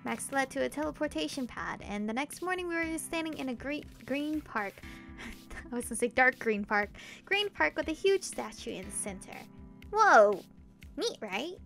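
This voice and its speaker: A woman's voice: high-pitched, animated, normal speed, vocal fry, fairly bright tone, faint music behind. Young woman reading a visual novel aloud. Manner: chatty, self-deprecating asides. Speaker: game streamer.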